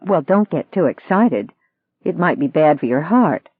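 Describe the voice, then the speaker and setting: A reader voicing a young woman lawyer, heated and pleading, in a higher-pitched voice. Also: animated, unhurried, breathy edge, no echo, full character voice. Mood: teasing. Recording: dry tinny phone-like sound.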